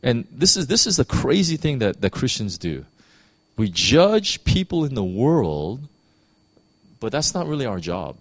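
A man from the United States, a pastor, preaching a sermon in a conversational, animated way with many restarts. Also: medium pitch, a little slow, no echo.

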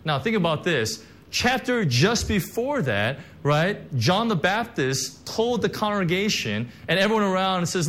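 A man's voice: sits high, sing-song, moderate pace, hardly any pauses, fairly bright tone. A man preaching a sermon, telling a personal testimony in a conversational, emotional way with many fillers and restarts. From Korean heritage, church background. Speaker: pastor.

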